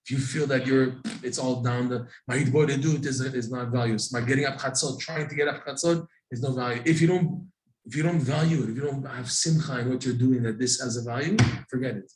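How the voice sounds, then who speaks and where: Guy teaching a class, gets loud and pushy on points, echoey room. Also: mid-range voice, steady tone, brisk. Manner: emphatic, repeats questions, rising to near-shouts. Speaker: Torah teacher. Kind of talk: live lesson to a class.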